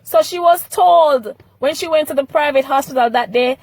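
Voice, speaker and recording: A woman's voice: high-pitched, normal speed, darkish tone. A Jamaican woman vlogger commenting on a news clip in an emphatic, pleading way, slipping into dialect.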